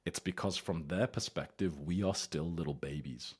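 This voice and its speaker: A young man with a very low, husky voice gives casual advice as the host. He talks bluntly, swears freely and sometimes slips into mocking, whiny impressions. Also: normal speed, darkish tone.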